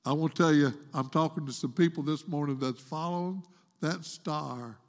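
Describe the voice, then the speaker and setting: A man's voice: on the high side, moderate pace. A man preaching a sermon in a church, dramatic and rising into pleading tones as he retells a story. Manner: dramatic, voices the quoted woman in a raised pleading tone. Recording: long hall reverb.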